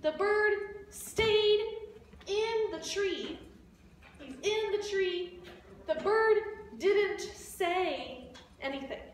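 A woman teacher retells a simple story to learners in a high voice, repeating each key phrase several times. Her delivery is extremely slow and deliberate. The room is very echoey, with faint ambience behind her. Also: distant mic, a little hiss or hum. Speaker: language teacher. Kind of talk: slow story-listening lesson.

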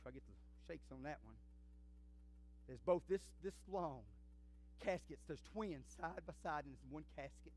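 A middle-aged pastor preaching a sermon in a church, swinging from shouts to near whispers in folksy talk. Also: male voice, fairly high pitch, moderate pace, faint music behind. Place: church sanctuary.

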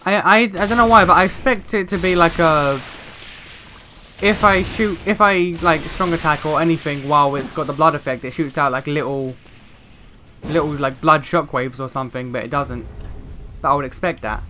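A man's voice: fairly high pitch, normal speed, pushed and bright, slight background noise. A man commenting on a video game he is playing, frustrated and swearing, rambling with many restarts. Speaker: gaming video host. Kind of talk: let's play commentary.

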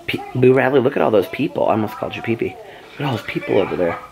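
A man's voice: medium pitch, animated, racing, creaky, a crowd in the background. A man vlogging casually, chatty and laughing often as he talks to his pets. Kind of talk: casual daily vlog chat.

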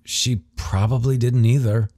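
A man's voice: mid-range voice, steady tone, measured pace, warm tone, no echo, studio quality, pitched above the performer's own voice, lightly acted. Man voicing a wry confident teen boy. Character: confident teenage boy, guarded and sensitive.

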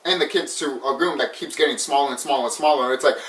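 A man's voice: mid-range voice, fast talker. A man giving a casual, rambling movie review, swearing often and laughing a lot. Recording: roomy sound from a distant mic.

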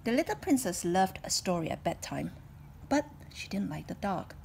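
A woman reading a children's picture book aloud in a soft, gentle narrating voice. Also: mid-range voice, sing-song, moderate pace, creaky, slight background noise. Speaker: story reader.

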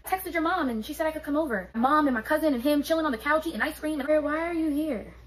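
A woman, telling a story on her vlog in an animated, profane, streetwise way. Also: sits high, fast, rough recording. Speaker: beauty vlogger.

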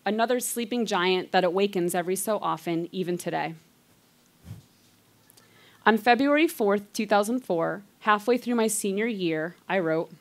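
A woman in her thirties performs a live personal story, reading old diary entries aloud with candid, self-mocking asides. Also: medium pitch. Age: 30s.

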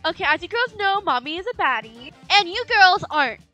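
A young woman hosting a casual let's-play, talking in an excitable, dramatic and playful way. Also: very high-pitched, brisk, faint music behind. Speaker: gaming channel host.

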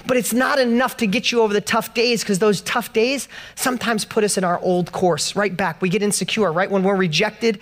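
A man's voice: sits high, fairly even intonation, a little fast, few pauses, a bit bright. A man giving a motivational speech to a live audience at an event, telling a personal story with passion and building to emphatic peaks. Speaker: motivational speaker. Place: event hall stage.

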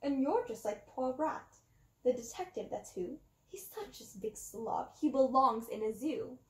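A woman's voice: high-pitched, huge pitch swings, moderate pace, a little mellow. A woman voicing a boastful male villain clown rat who taunts in sing-song rhymes. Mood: mocking. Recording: roomy echo.

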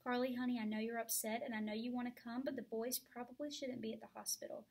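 A woman's voice: fairly high pitch, steady tone, fast talker, vocal fry, darkish tone. A woman voicing a distraught mother pleading urgently over her sick child in a storybook reading. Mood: tearful, gentle.

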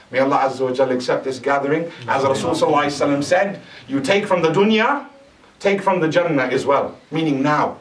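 The sermon comes from a mosque lecturer with a medium-pitched, slightly fast voice, who talks with energy and poses questions to those listening. The hall echoes, and the mic is set far from him.

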